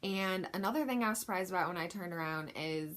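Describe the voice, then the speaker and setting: A woman's voice: fairly low pitch, quick pace, fairly bright tone. A young woman casually telling a personal story in a candid, chatty, self-deprecating way. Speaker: vlogger.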